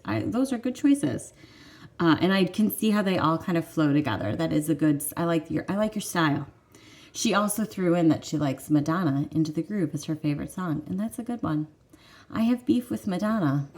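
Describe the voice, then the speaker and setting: Chatty enthusiastic woman with mellow voice. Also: deep voice. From Detroit suburbs, USA. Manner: chatty and enthusiastic, laughs often. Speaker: vlogger, cross-stitch channel host. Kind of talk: casual chat to camera.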